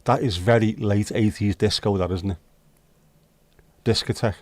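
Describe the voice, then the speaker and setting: A man's voice: lowish voice, fairly even intonation, moderate pace, a little mellow, dry recording. A man hosting a casual livestream, chatting and joking with viewers as he reads their comments. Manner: chatty, joking, bantering with chat. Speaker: livestream host of a virtual pub.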